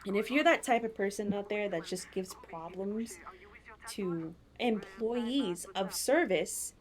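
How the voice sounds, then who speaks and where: A podcast co-host with a medium-pitched voice speaks slowly during a casual chat. She tells stories bluntly, rambling and swearing plenty.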